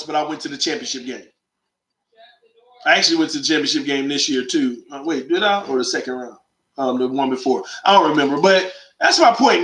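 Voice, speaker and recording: A man's voice: on the high side, fairly bright tone, roomy sound. A man hosting a call-in sports show, delivering an emphatic, slangy monologue full of rhetorical questions. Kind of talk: animated opinionated monologue.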